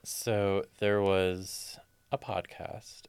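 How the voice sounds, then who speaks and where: Deep-voiced young man with a playful manner. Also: drawn-out words, clean tone, no echo, studio quality. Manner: expressive, playful storyteller. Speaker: podcast co-host. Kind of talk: casual podcast chat.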